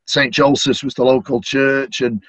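Appearing on a podcast, a middle-aged stadium announcer from Manchester talks casually in his Mancunian accent, sprinkling his interview answers with "you know." He speaks at a normal speed in a steady, mid-range, slightly bright voice, and the recording is dry.

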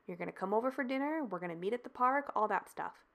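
A woman's voice: mid-range voice, animated, quick pace, fairly bright tone. A woman voicing an intense, sincere man who talks earnestly and reassuringly.

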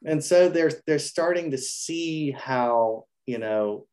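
A man's voice: on the high side, expressive, takes it slowly, darkish tone. A man being interviewed, speaking earnestly and reflectively about his own learning, often restarting his sentences. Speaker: interview guest. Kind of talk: casual interview chat.

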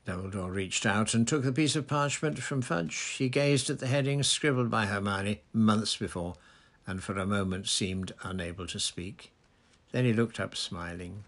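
A man narrates a novel aloud at a measured, low-key pace. His voice is low and gravelly with steady vocal fry. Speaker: audiobook reader.

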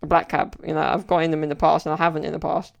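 A man rambles through a casual solo podcast story, leaning on lots of fillers. His voice has a gravelly fry, and his pitch stays flat and even. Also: very fast. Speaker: podcast host.

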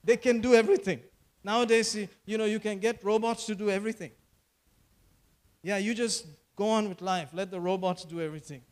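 A high-pitched male pastor delivers a sermon. He is in his fifties and talks in repeated phrases, pausing for the listeners to answer amen. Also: fairly even intonation, a little mellow. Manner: preacherly, repeats phrases, calls for amens.

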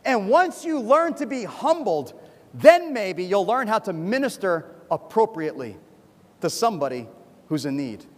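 High-pitched guy preaching, voice going all over the place, big echoey church hall. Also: moderate pace. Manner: animated preaching, acting out voices of others. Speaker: pastor. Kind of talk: sermon. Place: church sanctuary. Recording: long hall reverb from a church.

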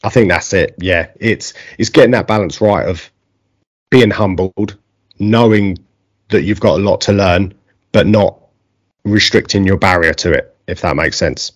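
A man with an Essex accent hosting a casual interview, chatty and relaxed with plenty of fillers. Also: low-pitched, a little slow, no room sound. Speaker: podcast host.

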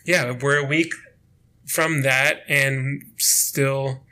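A young man co-hosts a relaxed podcast conversation, his voice bright and forward. He laughs often and rambles with easygoing fillers. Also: medium pitch, very slow. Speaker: podcast co-host. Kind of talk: casual chat.

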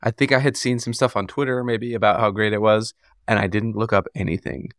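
A man's voice: lowish voice, steady tone, fairly quick, fairly bright tone, dry recording, clean studio sound. Chatty, self-mocking male podcast co-host. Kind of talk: casual chat.

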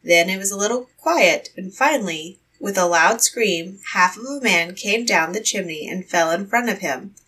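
Bright, breathy woman reading a fairy tale. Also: medium pitch, moderate pace, few pauses, recorded from a distance, poor audio. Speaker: storyteller. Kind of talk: fairy tale read aloud.

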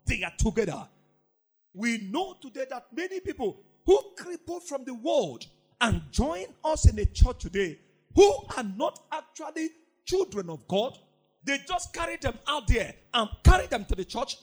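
Pastor guy preaching, husky voice, goes loud then quiet, very lively. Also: normal speed. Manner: animated preaching, swinging between shouts and low asides. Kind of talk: sermon.

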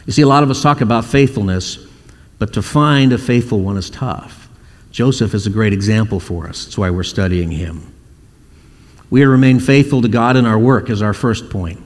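A man's voice: lowish voice, normal speed, long reverb tail. A male pastor preaching a sermon, telling stories and acting out the quoted voices in them.

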